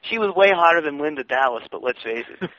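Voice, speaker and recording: A man's voice: fairly high pitch, animated, fast talker, bright, forceful tone, no echo. A man co-hosting a podcast in casual chat, crude and joking, rambling from point to point. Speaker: podcast co-host. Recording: muffled lo-fi audio with faint hiss.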